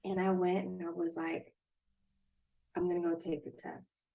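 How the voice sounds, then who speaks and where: Animated woman telling her story. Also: fairly low pitch, moderate pace, gravelly, highs cut off. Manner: animated, acts out quoted voices, laughs often. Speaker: podcast guest. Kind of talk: casual storytelling interview.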